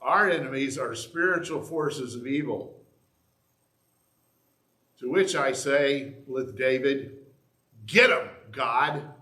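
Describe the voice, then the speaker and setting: A man's voice: medium pitch, slow, pauses often, a bit bright. A middle-aged male pastor giving a conversational sermon with asides and restarts in a church sanctuary. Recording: echoey church room.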